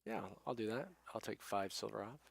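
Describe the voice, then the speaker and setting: Low-voiced man running a tabletop game. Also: a little fast, gravelly, slightly rough. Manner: easygoing, many fillers. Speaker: game master.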